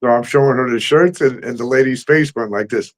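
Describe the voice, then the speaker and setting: A man's voice: mid-range voice, brisk. A man hosting a casual talk show from home, telling a story with frequent laughs and loose swearing. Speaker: host. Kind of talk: casual chat.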